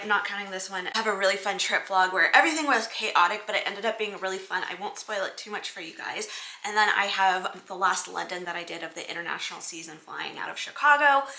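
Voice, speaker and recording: A woman flight attendant giving a casual vlog update, bubbly and giggly, gushing with excitement. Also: mid-range voice. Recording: echoey room.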